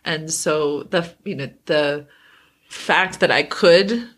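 A woman's voice: sits low, slow pace. A woman guest on a podcast, speaking in a reflective, earnest way with a lot of hesitation, teary at times. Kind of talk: casual chat.

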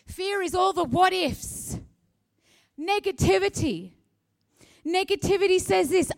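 Woman, pastor, sermon, high voice, unhurried delivery, emphatic, swells to shouts. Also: animated, vocal fry. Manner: emphatic, builds to loud impassioned peaks.

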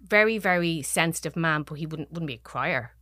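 Irish woman from dublin, quiet storyteller, low-ish voice, sometimes almost whispering, dead dry sound. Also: lively intonation, fairly quick, dry recording. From Ireland. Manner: soft-spoken, drops to near whispers in quotes. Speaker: podcast guest. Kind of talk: personal storytelling.

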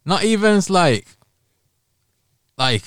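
A young man, co-hosting a casual chat, relaxed and slangy with frequent chuckles. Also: high voice, extremely slow, smooth, dry recording, clean studio sound.

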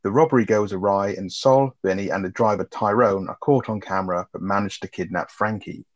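Brisk and fairly low-pitched, this podcast co-host trades banter in a laid-back film review, swearing openly as he goes over scenes and chuckling while quoting lines. The sound quality is muffled and lo-fi.

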